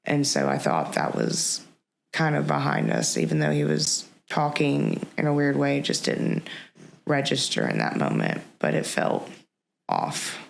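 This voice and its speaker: A woman speaks as a podcast guest in a heavily gravelly, creaky voice. Her pitch moves up and down a lot as she tells a personal story. She talks haltingly and reflectively, pausing and restarting often. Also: sing-song, slight background noise.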